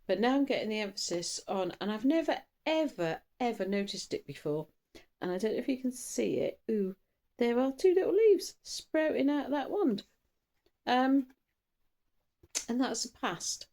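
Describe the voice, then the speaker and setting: A woman with a slightly high, mellow, expressive voice gives a chatty tarot reading at a moderate pace. Wired on coffee, she rambles, trails off, starts again, and sometimes rushes ahead.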